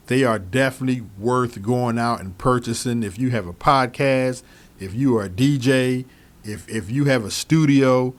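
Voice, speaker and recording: A man casually reviewing microphones he switches between, repeating himself and speaking straight to his viewers. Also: mid-range voice. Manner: relaxed, repeats phrases, talks straight to viewers. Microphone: studio microphones he switches between.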